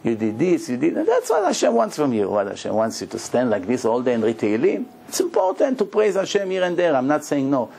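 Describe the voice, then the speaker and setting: Animated rabbi giving a lecture. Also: male voice, fairly high pitch, quick pace, creaky, hardly any pauses, breathy edge. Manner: animated storytelling, acts out dialogue, rhetorical questions. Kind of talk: Torah lecture.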